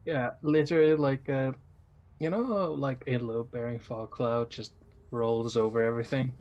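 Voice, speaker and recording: A man's voice: mid-range voice, little pitch movement, normal speed, muffled recording. Casual man playing a tabletop game. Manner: loose, filler-heavy, describing his character's actions. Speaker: player.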